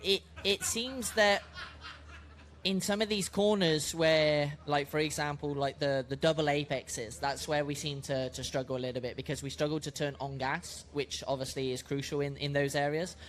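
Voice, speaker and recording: Halting young racer, slightly high voice. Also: male voice, steady tone, fairly bright tone, slight background noise. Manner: hesitant, halting with many restarts. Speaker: motorcycle racer. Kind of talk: casual interview. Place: outdoors at a racetrack campsite.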